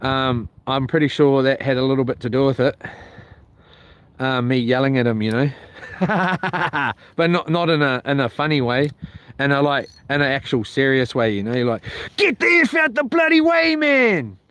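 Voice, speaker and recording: A man's voice: mid-range voice, steady tone, normal speed, clean tone, dry recording. A man telling a rambling, colloquial story for his vlog, outdoors by a lake. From New Zealand. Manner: rambling, colloquial, mimics others loudly. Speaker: vlogger. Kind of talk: casual storytelling.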